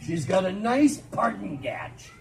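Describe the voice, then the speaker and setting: A man's voice: high-pitched, wildly swooping pitch, slow, creaky, soft background music, low-quality recording. A man telling a comic story full of spoonerisms and wisecracks to a crowd on an outdoor fair stage, recorded on a phone in the audience. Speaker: festival storyteller.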